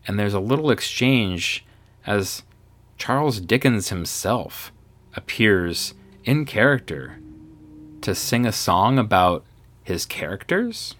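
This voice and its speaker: A man's voice: lowish voice, slow pace, dry recording. A man setting up a clip in casual, explanatory narration. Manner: explanatory, relaxed. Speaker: video commentator.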